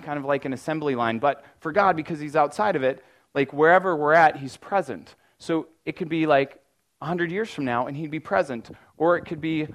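A man preaching a sermon in a casual, conversational way, often saying "like" and restarting sentences, now and then breaking into loud mock-panic cries. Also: fairly high pitch. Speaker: pastor.

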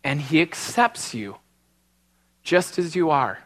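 A man's voice: on the high side, lively intonation, slow pace, a bit bright. A middle-aged man preaching a sermon, telling a personal story with earnest emotion and then leading a prayer. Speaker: pastor.

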